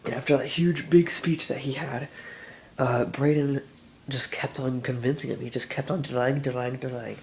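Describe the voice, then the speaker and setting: A man's voice: mid-range voice, fairly even intonation, normal speed, vocal fry, a little mellow, slight background noise. An 18-year-old man with a stuffy nose, rambling casually in a video diary with lots of restarts. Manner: rambling, full of "dude" and "like", many restarts. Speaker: vlogger. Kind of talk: casual chat.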